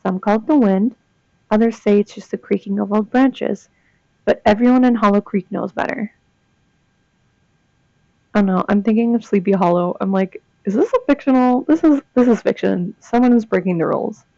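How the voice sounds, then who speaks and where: A woman's voice: medium pitch, fairly even intonation, moderate pace, creaky, long pauses, mellow, dry recording. A young woman reading ghost stories aloud and chatting between them, reacting with gasps and comments. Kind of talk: casual reading with asides. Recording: dull lo-fi dry sound.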